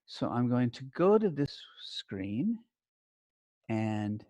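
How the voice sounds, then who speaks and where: A middle-aged man teaching a class over a video call, giving clear, deliberate instructions and stressing key words. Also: mid-range voice, sing-song, dark tone, no echo, highs cut off.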